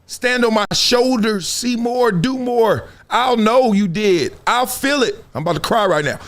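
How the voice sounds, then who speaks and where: A man's voice: high voice, expressive, unhurried, hardly any pauses, a bit bright. A middle-aged man hosting a show, giving an emphatic, preachy commentary monologue with rising exhortations. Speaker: show host.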